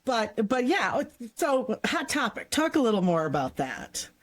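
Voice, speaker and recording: A woman co-host with a somewhat high voice chats freely. She talks in a friendly, conversational way. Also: sing-song, measured pace. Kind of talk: casual interview talk.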